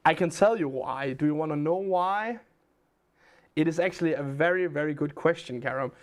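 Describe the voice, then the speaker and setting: A man's voice: fairly high pitch, moderate pace. A man from Denmark with a Danish accent, a livestream host telling rambling stories and answering chat questions in casual chat.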